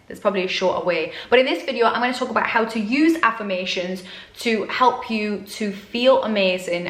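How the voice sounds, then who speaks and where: Her medium-pitched voice has a slightly bright edge as this British self-development coach talks casually to the camera. She keeps things chatty, blunt and self-deprecating, with the echo of the room audible around her.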